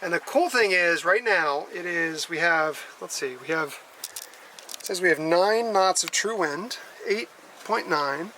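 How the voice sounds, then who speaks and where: Relaxed man on a noisy boat. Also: sits high, a little slow. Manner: relaxed, explains things plainly. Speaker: sailing vlog host. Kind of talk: casual vlog narration. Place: outdoors on a sailboat at sea.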